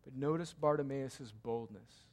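A man preaching a sermon as pastor, emphatic and repetitive, swinging from loud cries to hushed, quiet passages. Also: medium pitch, measured pace. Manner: emphatic, repeats key lines, swings between loud cries and hushed tones. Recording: long hall reverb.

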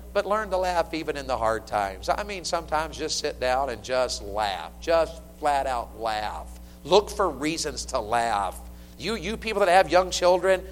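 A man preaching a sermon to his church, animated and swinging between loud and hushed. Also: on the high side. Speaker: pastor. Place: church sanctuary. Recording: long hall reverb, faint hum.

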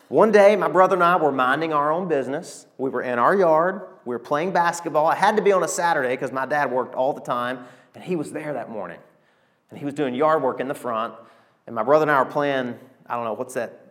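A man, preaching a sermon and telling stories with animated, emotional delivery. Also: fairly high pitch. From Arkansas, USA. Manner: animated storytelling preacher, emotional, calls to the congregation. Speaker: pastor.

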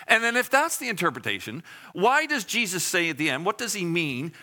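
A man's voice: sits high, sing-song, a little fast, hardly any pauses, bright, forceful tone. A man preaching a sermon in a conversational way, asking the congregation questions and acting out short voices. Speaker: pastor.

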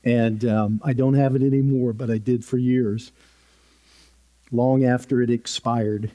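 A man's voice: medium pitch, level tone, a little slow, mellow. Male pastor, conversational sermon, takes his time, light self-deprecating humor, church podium mic. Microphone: podium microphone.

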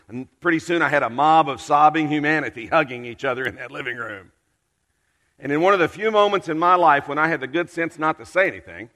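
A man preaching a sermon from a church pulpit, telling a personal story in an earnest, unhurried way with dramatic pauses. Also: a little high, pushed and bright, long reverb tail. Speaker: pastor.

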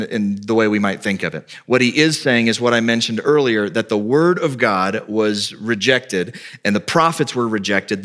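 A man delivering a sermon with an ordinary mid-pitched voice. He preaches with animation, jumping between plain explanation and raised, dramatic quotations. It feels like a pastor working through a passage verse by verse. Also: a bit bright.

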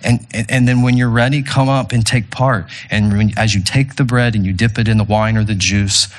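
A man's voice: on the low side, steady tone, normal speed. A man preaching as pastor to a congregation in a church room, earnest and repeating his phrases with stumbling restarts as he leads communion and prayer. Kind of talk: sermon leading communion and prayer.

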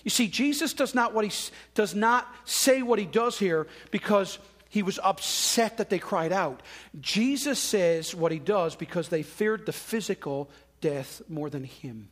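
Guy preaching, kinda high voice, talks like he's chatting, does little voices for the quotes. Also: expressive, a little slow, fairly bright tone. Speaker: pastor. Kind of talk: sermon.

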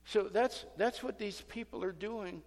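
A man preaching a sermon as pastor, animated and emphatic with self-deprecating asides. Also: high voice, unhurried. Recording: long hall reverb.

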